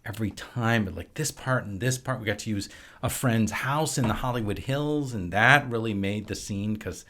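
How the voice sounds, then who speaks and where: A man from Wisconsin, a filmmaker and actor, chatting as a podcast guest in a relaxed, rambling storytelling way. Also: fairly low pitch, moderate pace. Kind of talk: casual conversation.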